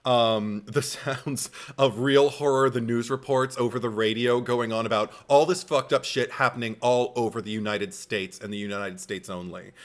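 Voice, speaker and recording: A man's voice: mid-range voice, steady tone, moderate pace, hardly any pauses. A man co-hosting a podcast in casual chat, enthusiastic and rambling, swearing freely and laughing often. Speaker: podcast co-host.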